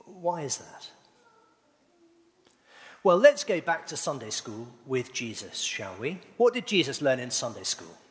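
Lively pastor in a reverberant church. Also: male voice, medium pitch, unhurried, pauses often. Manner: playful, quizzing the congregation. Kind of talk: sermon with congregation call-and-response. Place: church hall. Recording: long reverb of a church hall.

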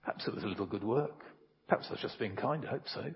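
A man's voice: on the low side, quick pace, husky. A man preaching an earnest, emphatic sermon and telling homely anecdotes, recorded in a church. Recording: reverberant hall, dull lo-fi sound.

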